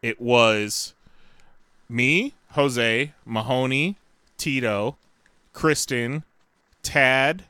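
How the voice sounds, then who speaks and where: A man co-hosting a podcast, telling con stories in an energetic, profane, casual chat. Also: medium pitch, extremely slow, pauses often, clear, resonant tone, dry recording. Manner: energetic, profane, loose storyteller. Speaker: podcast co-host. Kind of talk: casual chat, reading a countdown list.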